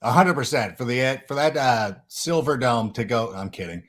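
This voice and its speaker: A man's voice: mid-range voice, expressive, moderate pace. A man hosting a podcast in casual chat, telling stories animatedly and acting out quotes in raised voices. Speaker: podcast host.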